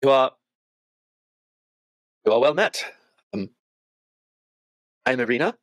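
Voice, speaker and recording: A man's voice: medium pitch, animated, slow, dry recording. A man voicing a young woman, the daughter of a village burgomaster, who is earnest and keeps stumbling over her words. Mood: flustered welcome.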